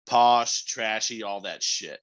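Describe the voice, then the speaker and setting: A man co-hosting a podcast, joking and swearing in quick casual chat. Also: on the low side, a bit bright. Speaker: podcast co-host.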